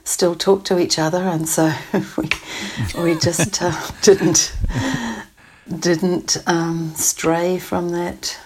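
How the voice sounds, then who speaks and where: A woman's voice: lowish voice, flat delivery, slow, a little mellow, slight background noise. A woman in her sixties with a New Zealand accent, a thoughtful, hesitant interview guest who laughs often. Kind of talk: casual conversation.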